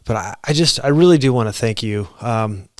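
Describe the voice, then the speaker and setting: A man's voice: mid-range voice, expressive, fairly quick, dry recording, studio quality. A man hosting his own podcast, speaking earnestly and gratefully to listeners in an unscripted solo monologue with frequent fillers and restarts. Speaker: podcast host.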